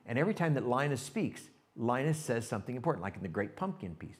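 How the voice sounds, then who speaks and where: A man's voice: medium pitch, fast talker. Male pastor telling a sermon story. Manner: animated storytelling, shifts to hushed reflection; talks directly to the congregation.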